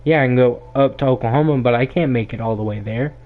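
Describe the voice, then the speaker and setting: A young man rants bluntly into the mic, hammering his points home and circling back over the same ideas. His voice sits at an ordinary middle pitch. The sound is thin and tinny, as if heard over a phone line. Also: quick pace. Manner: blunt, emphatic, ranting, repeats himself. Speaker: podcast host. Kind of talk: opinionated monologue.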